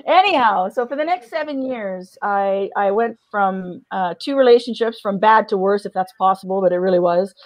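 Speaking at normal speed with hardly any pauses, a middle-aged woman with a medium-pitched voice shares her life story frankly in an interview conversation. She restarts and repeats words, laughing between difficult memories, and the low-quality recording has no echo.

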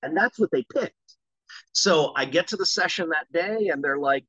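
A man, a voice actor, telling animated and jokey stories in an interview. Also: on the high side, normal speed, dry recording, lo-fi sound. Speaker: voice actor guest. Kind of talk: anecdotal interview talk.

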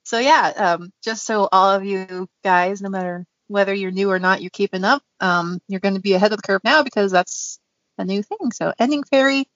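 A woman's voice: mid-range voice, fairly even intonation, moderate pace, a bit bright, no echo, lo-fi sound. A woman co-hosting a podcast in a casual, chatty way, giggling often and using many fillers. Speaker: podcast co-host. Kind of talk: casual chat.

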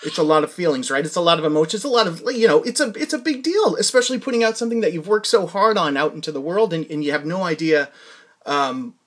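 A man's voice: fairly high pitch, lively intonation, quick pace, a bit bright. A man hosting a podcast interview, talking casually, with frequent restarts and fillers. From New England. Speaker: podcast host.

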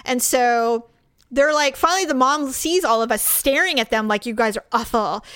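Woman, higher voice, dry room; indignant animated storyteller in casual chat. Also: moderate pace, smooth, dry recording.

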